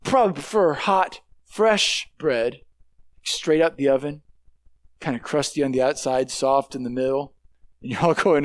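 A man's voice: on the high side, moderate pace. A man preaching a sermon in a conversational way, often restarting and repeating words, and acting out quoted voices. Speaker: pastor.

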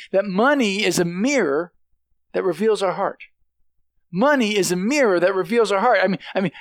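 A man preaching a sermon in a casual, halting way, restarting phrases and turning to the congregation with questions. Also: high-pitched, no echo, clean studio sound. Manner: halting, with many restarts and "right?" asides to the congregation. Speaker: pastor.

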